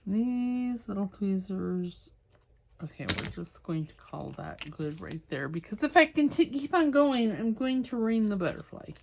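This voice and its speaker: A woman's voice: mid-range voice, animated, measured pace, vocal fry, slight background noise. Chatty Southern woman crafting at home. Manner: chatty, talks to her dog and viewers while working. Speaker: crafting channel host. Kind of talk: casual crafting vlog chat.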